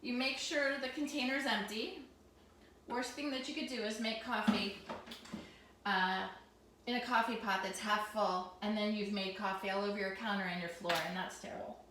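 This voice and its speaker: A middle-aged woman, a teacher, chatting in a home vlog in her loud teacher voice, teasing and friendly. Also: mid-range voice, steady tone, moderate pace, far from the mic, background noise. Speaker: teacher and vlogger. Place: home kitchen. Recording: echoey room, voice somewhat off mic.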